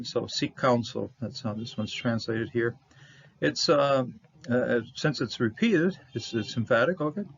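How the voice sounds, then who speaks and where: A man teaching a verse-by-verse Bible Hebrew lesson, halting with fillers and restarts, repeating words for stress. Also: medium pitch. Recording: dull lo-fi audio with faint noise.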